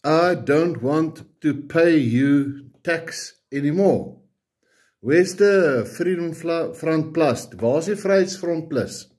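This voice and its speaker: A man's voice: fairly high pitch, slow, darkish tone. A man with an Afrikaans South African accent, ranting bluntly to camera and firing off repeated, profane rhetorical questions. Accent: South African, Afrikaans-speaking. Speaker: political commentator. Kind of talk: angry political rant to camera.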